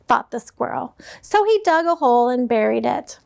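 A woman librarian reading a picture book aloud to young children, animated and asking them questions along the way. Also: fairly high pitch, normal speed, creaky, slight background noise.

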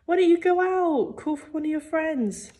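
A woman's voice: expressive, moderate pace, mellow. A woman reading a storybook aloud, voicing an exasperated mother nagging her son. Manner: pleading, raised and higher than the reader's own voice.

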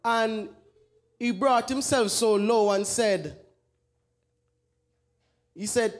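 A man giving an earnest church exhortation, reading scripture slowly and calling on the brethren. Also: sits high, fairly even intonation. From Jamaica. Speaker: church brother giving encouragement. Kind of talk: sermon exhortation.

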